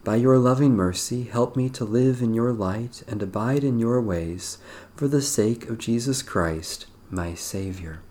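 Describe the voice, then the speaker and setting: Male prayer leader, unhurried and solemn, mellow dark tone. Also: medium pitch. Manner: measured, solemn liturgical reading. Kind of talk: slow recited evening prayer.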